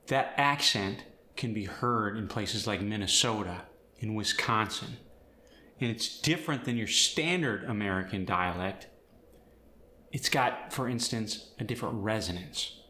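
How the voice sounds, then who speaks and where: A man's voice: lowish voice, a little slow, sharp tone, roomy sound. A man teaching an accent, explaining sounds and demonstrating example phrases. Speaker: accent coach. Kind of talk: scripted accent lesson.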